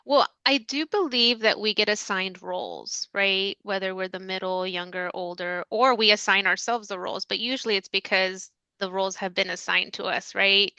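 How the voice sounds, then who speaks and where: A woman's voice: mid-range voice, fairly even intonation, normal speed, hardly any pauses, sharp tone, clean tone, dry recording, dull audio. A middle-aged woman with a Mexican American accent, a therapist guest speaking reflectively and openly in casual conversation.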